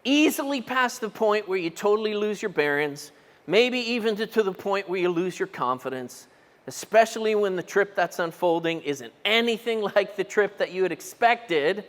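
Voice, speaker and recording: A middle-aged man preaching a sermon as pastor, animated storytelling, acting out quotes and asking the room questions. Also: high-pitched, moderate pace. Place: church auditorium. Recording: long reverb of a church hall.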